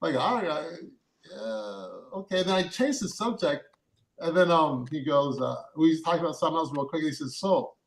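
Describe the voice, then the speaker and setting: A man who works as an actor, telling a long story in a rambling, halting way. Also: on the high side. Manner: rambling, halting, with many fillers and restarts. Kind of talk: casual storytelling.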